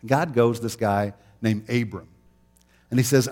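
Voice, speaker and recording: A man's voice: medium pitch, fairly even intonation, unhurried, darkish tone, long reverb tail. A man preaching a sermon in a conversational storytelling way, with easy laughs. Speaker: pastor.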